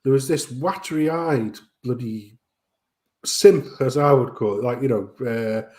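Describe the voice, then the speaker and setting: A man co-hosting a casual stream chat, ranting and swearing in an animated way. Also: mid-range voice, a little slow. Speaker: stream co-host.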